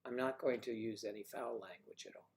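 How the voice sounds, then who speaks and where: A man hosting a livestream, chatting casually with viewers and joking about their names and hometowns, switching between loud bursts and quiet asides. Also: mid-range voice, brisk. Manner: playful, jokey, riffing on viewers' names and places. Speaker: livestream host. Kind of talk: casual chat reading viewer comments.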